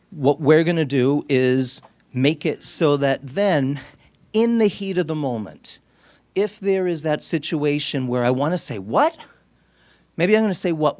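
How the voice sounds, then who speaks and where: A man's voice: fairly high pitch, a little mellow, no echo. A middle-aged man, a speech-language clinician, gives an educational talk to an audience in an auditorium and tells stories in a conversational way with frequent restarts. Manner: storytelling, conversational, with many restarts. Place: medical center auditorium.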